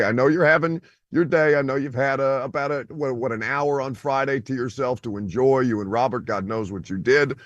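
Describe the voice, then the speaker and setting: A man's voice: mid-range voice, a little fast, few pauses. A man hosting a sports radio show, calling in over a video call from a beach on vacation, teasing and mock-indignant. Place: outdoors by a beach.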